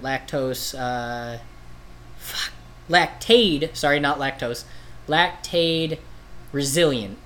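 A man's voice: mid-range voice, fairly bright tone. A man casually retelling a comic story on a podcast, rambling, swearing and acting out the voices. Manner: rambling, profane, acts out quoted voices. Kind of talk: casual chat.

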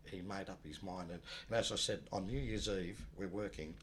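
A man telling a personal story in a rambling, halting way, often dropping low and quiet. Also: a little hiss or hum. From Australia. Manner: rambling, many restarts, low and subdued when recalling loss. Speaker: guest telling his life story. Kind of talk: casual spoken storytelling.

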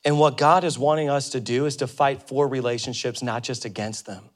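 A male pastor preaching a sermon to his congregation in an animated way, acting out quoted voices and sometimes laughing with the crowd. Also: medium pitch, a little fast. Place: church before a congregation.

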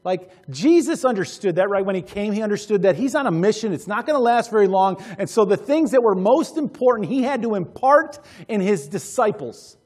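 A man preaching a sermon as pastor, urgent and animated, often dropping to a quiet, intense tone. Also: sits high, brisk, hardly any pauses, breathy edge.

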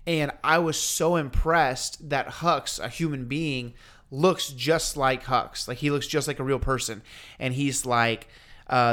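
A man chatting casually on a podcast, retelling an experience in an animated, slangy way and acting out the lines people said. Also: mid-range voice, slow pace. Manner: slangy, laid-back. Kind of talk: casual chat.

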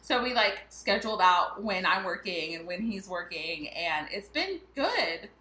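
A woman's voice: lowish voice, very animated, measured pace, sharp tone, reverberant, rough recording. A woman in her thirties co-hosting a podcast, chatting casually and telling family stories with frequent laughter. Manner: chatty storyteller, laughs often. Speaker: podcast co-host. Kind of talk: casual chat.

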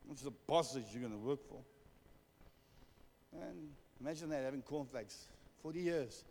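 A man's voice: mid-range voice, normal speed, pauses often, warm tone, big-room sound. A man preaching a sermon, telling a humorous story and calling for amens. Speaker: pastor.

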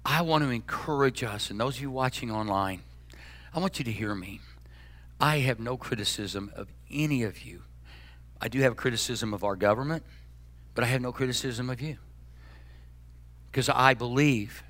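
A man preaches a sermon in a drawl, his voice low-pitched yet bright and forceful. He mixes folksy jokes with earnest appeals. He swings from loud bursts to hushed asides. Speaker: pastor.

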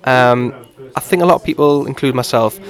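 A man's voice: mid-range voice, a little fast. A young man with a Geordie accent, hosting a podcast in a chatty, rambling way with lots of fillers. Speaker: podcast host. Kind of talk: casual podcast chat.

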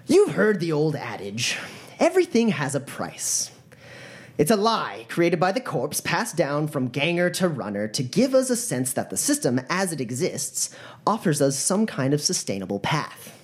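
A game master voicing a masked, ruthless male gang leader who preaches slow, sermon-like menace to recruits. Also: medium pitch, huge pitch swings, breathy edge. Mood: preaching.

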